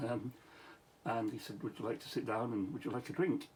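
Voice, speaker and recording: A man's voice: mid-range voice, level tone, normal speed, a little mellow, a little hiss or hum, low-quality recording. A tired middle-aged Scottish man, a former police officer, telling a meandering story late at night with many restarts, asides and chuckles.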